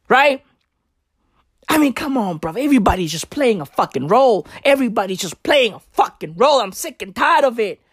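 A woman doing a comic rant, exasperated and profane, repeating herself and breaking into sudden shouts. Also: a little high, no room sound, clean studio sound. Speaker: ranting vlogger.

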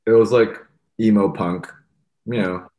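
A man's voice: on the low side, a little slow, highs cut off. A young man, a musician being interviewed, talking casually and rambling with lots of "like" and "you know". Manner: relaxed, rambling, many fillers like "like" and "you know". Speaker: musician guest.

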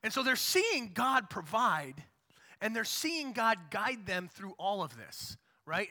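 A man preaching a sermon in a casual, animated storytelling manner. His voice is high and very bright. A long hall reverb trails each phrase. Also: slow. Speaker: pastor.

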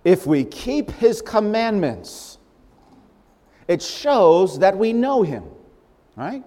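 A man preaching a sermon in an emphatic, animated way, repeating phrases for stress. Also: fairly high pitch, slow pace. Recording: long hall reverb.

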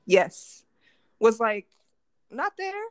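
Animated young woman telling a story. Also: fairly high pitch, very slow, clear, resonant tone, no echo. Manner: animated storytelling with lots of acted-out quotes. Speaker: podcast co-host. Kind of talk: casual podcast chat.

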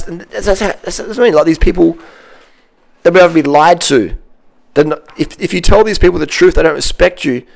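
A man's voice: mid-range voice, vocal fry, darkish tone. A man giving a profane, combative and boastful fitness monologue to camera. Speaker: fitness vlogger. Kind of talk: ranting monologue.

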